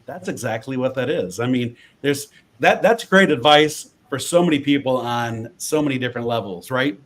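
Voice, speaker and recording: A host in a casual talk, reflectively summing up the guests' points. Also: mid-range voice. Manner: reflective, sums up the points for listeners. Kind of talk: casual conversation. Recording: faint background noise.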